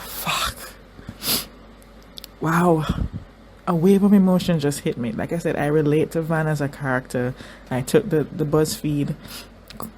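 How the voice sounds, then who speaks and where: A vlogger reacting to a show offers casual commentary while crying, speaking emotionally with stammers and sentences that start over. The voice is medium-pitched and warm, with a little background noise.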